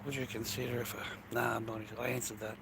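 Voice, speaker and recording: A man's voice: mid-range voice, little pitch movement, fast talker, creaky. An older man with an Australian accent, livestreaming a blunt, profane street rant and calling everyone "mate" and "bro". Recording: noisy outdoor phone stream.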